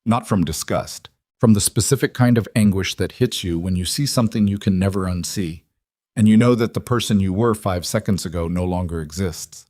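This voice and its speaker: A man reading a scripted dramatic story in a measured, somber way. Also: sits low, darkish tone, no room sound, studio quality. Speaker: narrator.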